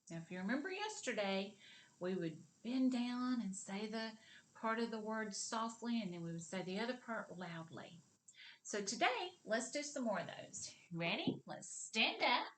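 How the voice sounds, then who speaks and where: A woman with a Southern US accent teaching a kindergarten reading lesson, repeating words slowly and clearly for young children. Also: medium pitch, a bit bright. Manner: slow, sing-song, repeats words for children.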